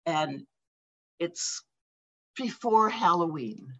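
An older American woman gives personal testimony about her recovery at a meeting, her lowish voice emotional and halting yet lively in intonation. She laughs and sighs between thoughts, and the sound is lo-fi.

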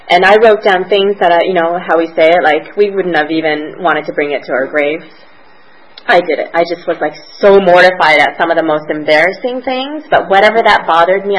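A woman with a slightly low voice shares her recovery story at a meeting. She talks casually and quickly, full of "like"s and quoted thoughts, with laughs slipped in between phrases. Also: muffled recording. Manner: chatty storytelling with many "like"s and self-quotes. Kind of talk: personal testimony at a recovery meeting.

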